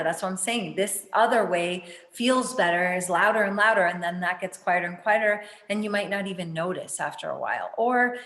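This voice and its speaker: Chatty woman host, lower voice, echoey room. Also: a bit bright. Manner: chatty and rambling, many fillers, casual swearing. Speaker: spiritual talk host. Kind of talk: casual spiritual chat.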